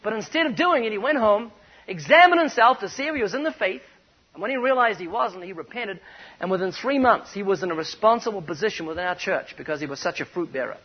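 Kiwi guy preaching, high voice, tells stories and hammers his point, sounds kinda muffled. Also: expressive, fast, slightly rough. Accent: New Zealand. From New Zealand. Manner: storytelling, emphatic, punchy repetition. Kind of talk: sermon. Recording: dull muffled recording.

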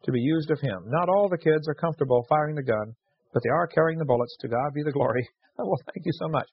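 A man's voice: a little high, animated, fast, slight background noise. A man hosting a radio show, reading listener letters aloud and telling jokey stories with frequent laughs. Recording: dull lo-fi radio recording.

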